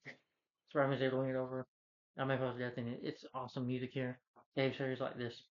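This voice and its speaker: A man talks through a movie's plot in a casual review, rambling and leaning on fillers as he goes. His voice sits at an ordinary pitch. The recording is dull and lo-fi. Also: monotone, fast. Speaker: film reviewer.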